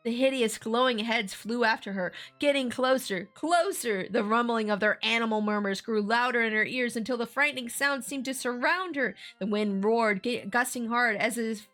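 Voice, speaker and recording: A woman's voice: a little high, moderate pace, few pauses, a bit bright, faint music behind. A woman streamer reading a scary children's story aloud in an ASMR stream, with playful asides.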